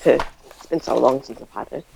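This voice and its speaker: A woman's voice: a bass voice, moderate pace, vocal fry, a little mellow, slight background noise, rough recording. A teenage girl co-hosting a casual podcast, giving short, hesitant answers. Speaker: podcast co-host. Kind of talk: casual chat.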